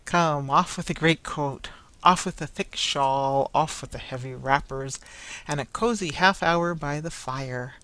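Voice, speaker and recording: A narrator playing a jovial, hearty carrier man who talks loudly and warmly. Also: a little slow, rough recording. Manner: loud, hearty and booming.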